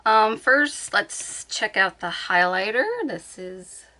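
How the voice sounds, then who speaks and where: A woman beauty vlogger with a medium-pitched, sharp-toned voice chats slowly from her bed at home. She talks casually, thinks aloud and laughs often.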